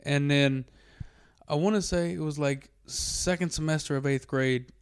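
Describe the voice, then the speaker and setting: Male co-host, casual chat, quick profane jokes, smooth tone, dry close mic. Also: fairly high pitch, steady tone, no room sound. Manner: joking, profane, quick quips.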